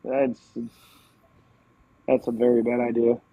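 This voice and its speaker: Man telling lively bowling stories. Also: medium pitch, slow, gravelly, dry recording, narrow, tinny audio. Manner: animated storyteller, quotes others, frequent fillers and restarts. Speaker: podcast guest. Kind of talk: casual storytelling.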